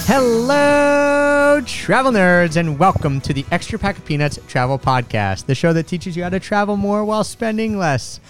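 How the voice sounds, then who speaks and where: A man hosting a casual travel podcast, chatty and upbeat, with quick restarts, recorded at home. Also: a little high, soft background music. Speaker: podcast host. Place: home room.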